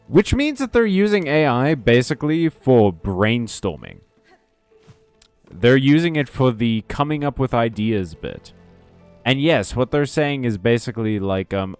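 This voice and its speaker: A man's voice: mid-range voice, big pitch swings, unhurried, clean tone, dry recording, soft background music. A man chatting casually on a game stream, rambling and ranting, often laughing between thoughts, talking close to a desk mic.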